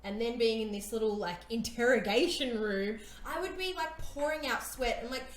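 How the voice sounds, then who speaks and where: A woman's voice: on the high side, moderate pace. A woman co-hosting a podcast, chatting casually, backing up her co-host and laughing often. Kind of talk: casual chat. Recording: echoey room with faint noise.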